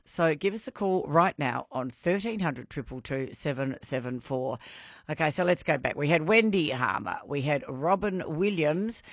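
A woman's voice: sits low, no room sound. Woman quiz host, bubbly, laughs often, dry close studio mic. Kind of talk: live radio quiz chat.

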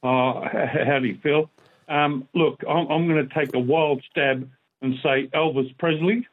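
Aussie bloke cracking jokes on a phone-in, tinny line, husky, slightly high. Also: male voice, steady tone, unhurried. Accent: Australian. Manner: joking. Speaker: caller.

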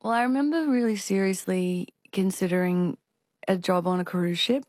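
A woman, a singer, talking in a casual interview with halting speech and frequent restarts from a stutter. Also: mid-range voice, steady tone, a little mellow, no echo, studio quality. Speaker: singer and performer, interview guest.

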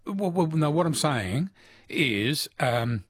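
A chatty Australian man hosting a radio talk show, talking quickly with laughs in between. His voice sits a little high and swings widely in pitch, with a husky edge. The sound is dry and close, as in a studio. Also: big pitch swings, dry recording. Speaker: radio host. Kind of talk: talkback radio chat.

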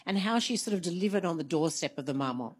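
A woman interviewer asking measured questions that guide an author through her book. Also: fairly low pitch, expressive, slightly rough.

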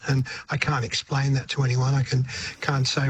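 A man's voice: mid-range voice, flat delivery, moderate pace, a little hiss or hum. An older Australian man, a retired singer-songwriter, talking reflectively in a radio interview and often stumbling over his words.

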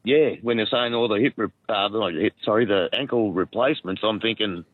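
Croaky Australian man on a phone line. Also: lowish voice, dry recording. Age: 50s. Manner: rambling, halting with many restarts. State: croaky from a cold. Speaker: caller. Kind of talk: radio call-in chat.

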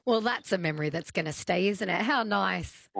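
A woman's voice: mid-range voice, normal speed, vocal fry, a bit bright, no echo, studio quality. A woman hosting talkback radio, encouraging the caller with short reactions. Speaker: radio host.

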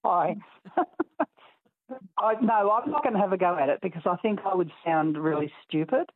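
A woman's voice: fairly low pitch, normal speed, breathy edge, dry recording. Woman caller on a tinny phone line. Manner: giggly, casual. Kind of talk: phone-in chat.

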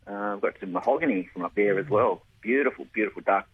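A man's voice: fairly low pitch, quick pace, slightly rough. A man, a beekeeper guest on a radio phone interview, talking enthusiastically with many stumbling restarts. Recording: tinny phone line.

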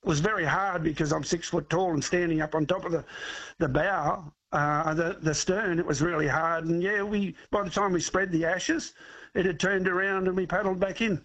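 A higher-pitched man on a call-in line, speaking in a halting way and breaking off mid-sentence with plenty of ums and restarts as he tells his story. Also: fairly even intonation, fairly bright tone, rough recording. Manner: halting, with many fillers and restarts. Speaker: caller. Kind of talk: casual call-in chat.

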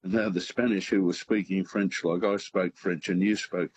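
A man's voice: low voice, fairly even intonation, moderate pace, a little mellow. A man calling a radio quiz, telling a rambling story with lots of hesitations. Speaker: caller. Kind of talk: telling an anecdote on a radio call.

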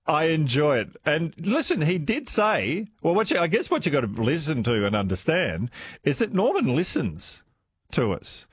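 A man hosts a radio call-in show, his voice husky and very animated as he chats and laughs with callers. The sound is close and dry. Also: fairly high pitch, normal speed, dry recording. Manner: warm, laughing, chatty with callers. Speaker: radio host. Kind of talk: talkback radio chat.

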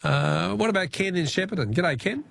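An Australian man running a call-in quiz on the radio. His voice sits a touch high. He is chatty and laughs easily between callers. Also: expressive, moderate pace, creaky, fairly bright tone, a little hiss or hum. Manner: chatty, laughing, repeats the question.

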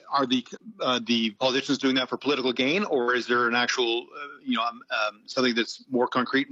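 A man's voice: mid-range voice, sharp tone, highs cut off. A journalist, a man, giving casual commentary as an interview guest, thinking aloud with frequent restarts and fillers. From Canada.

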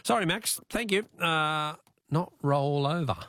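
An Australian man hosting a talkback radio quiz, chatty and quick to laugh, repeating his question to callers. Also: on the high side, a bit bright, dry recording, studio quality. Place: radio studio. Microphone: studio mic.

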